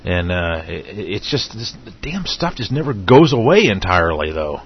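A man's voice: low-pitched, big pitch swings, normal speed, a little hiss or hum. A man with a weak, still-recovering voice, chatting as co-host on an internet radio show and stumbling over his words as he rambles. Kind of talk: casual internet radio chat. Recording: dull lo-fi call audio.

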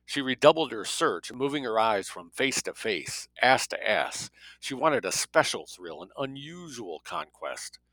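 A man narrating a story as an audiobook reader, with a steady, measured delivery. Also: medium pitch, dry recording, poor audio.

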